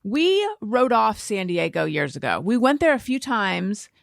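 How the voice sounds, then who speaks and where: Lively-voiced woman podcast host. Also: mid-range voice, unhurried, creaky, no echo, clean studio sound. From Southern California. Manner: curious, playful questioning. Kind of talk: casual chat. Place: studio table.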